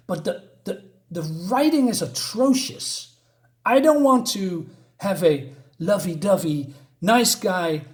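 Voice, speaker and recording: Blunt, higher-pitched man reviewing comics. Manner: blunt, swearing, reading dialogue aloud with exasperated asides. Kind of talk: casual spoken review.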